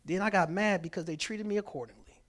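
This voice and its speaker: Quick-paced and high-pitched, this man delivers a mental health workshop talk in a church. As he tells stories, he performs each person's lines with animation, stresses his points emphatically, and repeats key words.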